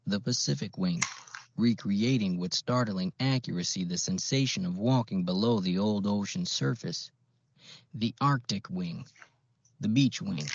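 A man reading a novel aloud as an audiobook narrator, in a measured, even way. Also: on the low side. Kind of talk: scripted narration. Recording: dull, dry lo-fi recording.

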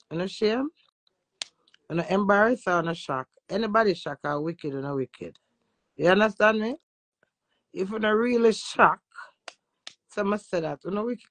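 A woman's voice: fairly high pitch, no echo. A Jamaican woman ranting brashly and crudely on a phone live stream, defiant toward her critics. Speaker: social media personality. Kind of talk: instagram live rant.

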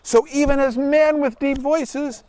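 Middle-aged male dog handler with a high-pitched voice; goofy animated praise for his dog, relaxed explanations for kids. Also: a little slow, no echo. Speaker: search and rescue dog handler. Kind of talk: demonstration for children.

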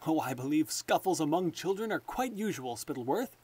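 Man voicing a vain, excitable king. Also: fairly high pitch, brisk, slightly rough, dry recording. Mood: indignant. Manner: excitable, exclamatory. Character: vain, pampered, naive male king.

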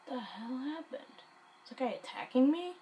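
A woman giving casual gameplay commentary, excitable and jokey, muttering and whispering to herself. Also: high voice, moderate pace, a little hiss or hum, poor audio.

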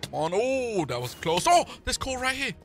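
A young man giving excited gameplay commentary, hyped and yelling complaints at the game. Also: very high voice, moderate pace, soft background music. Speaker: gaming YouTuber.

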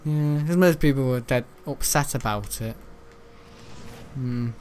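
A man's voice: medium pitch, unhurried, a little mellow, a little hiss or hum. A young British man at home in his bedroom, rambling through casual gaming commentary, joking, swearing freely and laughing often. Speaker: gaming video host.

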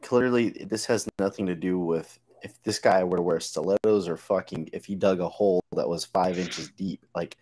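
A man's voice: low voice, normal speed, hardly any pauses, darkish tone, breathy edge, rough recording. A man co-hosting a casual chat about lifting, laid-back and blunt, swearing freely. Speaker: strength coach co-host.

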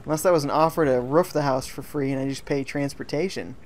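A man's voice: mid-range voice, quick pace, a little mellow, a little hiss or hum. A man giving live commentary on a video game, joking and reading viewer chat aloud from home. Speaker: gaming streamer. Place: at home during a rainstorm.

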